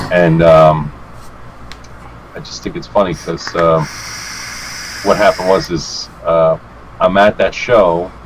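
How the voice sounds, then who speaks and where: A man's voice: deep voice, slow, pauses often, background noise. A man guesting on a chat show, telling stories casually and acting out other people's lines with swearing and laughter. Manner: animated, acts out quotes with swearing and laughs. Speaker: guest, vape reviewer.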